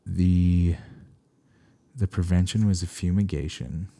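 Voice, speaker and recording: A veterinarian talking casually and at length, wandering into wry, sarcastic asides. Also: male voice, low-pitched, steady tone, slow pace, gravelly, dark tone, no echo. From Canada. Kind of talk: casual podcast talk.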